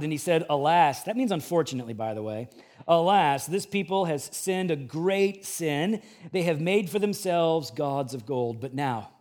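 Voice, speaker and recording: Preaching an expository sermon, the pastor alternates between hushed, low musing and loud, pressing emphasis. His paraphrases of scripture sound conversational.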